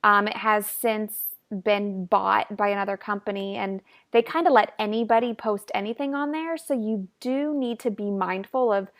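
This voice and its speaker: A woman with a medium-pitched voice and moderate pace hosts a casual podcast interview. She sounds upbeat as she explains practical tips to her listeners.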